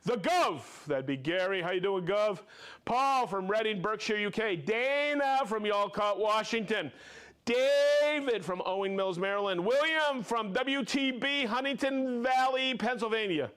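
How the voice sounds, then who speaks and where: A man hosting a live stream, upbeat, reading off viewer names and places with quick friendly asides. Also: sits high, expressive, a bit bright, smooth. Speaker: livestream host.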